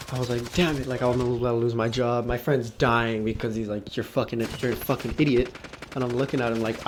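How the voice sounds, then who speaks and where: A young man tells a story from his job in a loose, casual vlog style, swearing a lot and laughing at his own jokes. His voice sits at an ordinary pitch for a man. A faint hiss of noise runs under the recording. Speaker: vlogger.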